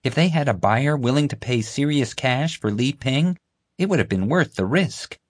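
A man's voice: mid-range voice, animated, moderate pace, no room sound, studio quality, voice pushed up, lightly acted. A man voicing an earnest, lecturing boy who explains things grimly for an audiobook. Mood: earnest explaining. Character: boy, excitable animal-trafficking know-it-all.

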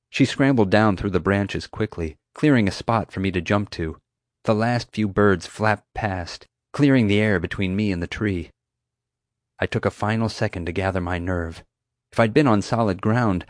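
A man with a fairly low voice narrates an audiobook chapter in steady, measured first-person storytelling. The recording is dry and close, with no room sound. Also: dry recording.

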